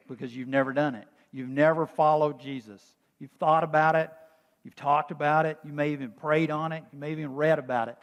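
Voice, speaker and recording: A male pastor preaching a sermon with quiet urgency, at times reciting song lyrics softly. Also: on the high side, fairly even intonation, normal speed. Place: church sanctuary. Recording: long church reverb.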